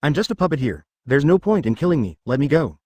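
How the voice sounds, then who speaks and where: Smug scared crime boss guy, read out by a man, flat even delivery, dry close sound, voice still lilts up and down. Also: a little high, quick pace, dry recording.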